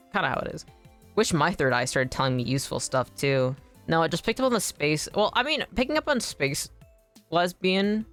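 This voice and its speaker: A young woman streams a game in a low, casual voice. She rambles and swears easily, and her pitch swings widely. Faint background music plays under her chat. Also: vocal fry.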